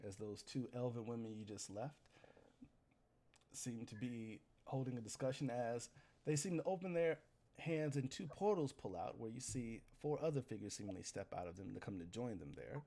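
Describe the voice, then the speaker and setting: A man's voice: mid-range voice, normal speed, warm tone. Man narrating a tabletop game as game master. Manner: loose, conversational narration with fillers.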